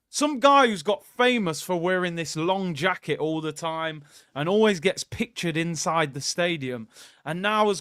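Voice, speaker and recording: A young man hosting a live football watchalong, ranting sarcastically about his club and at times breaking into loud excited shouting. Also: sits high, clean tone, no room sound, studio quality. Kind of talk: casual live-stream rant.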